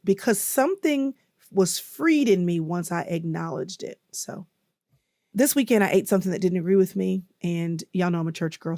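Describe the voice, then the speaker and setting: A woman's voice: on the low side, gravelly, darkish tone, no room sound, studio quality. A woman in her fifties hosting a podcast, talking conversationally and emphatically to her listeners in a casual motivational style. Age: 50s. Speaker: podcast host.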